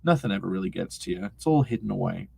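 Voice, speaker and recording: Gravelly young man chatting with his stream. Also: deep voice, animated, fast, a little mellow. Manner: loose and profane, reading chat aloud, laughing often. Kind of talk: casual livestream chat.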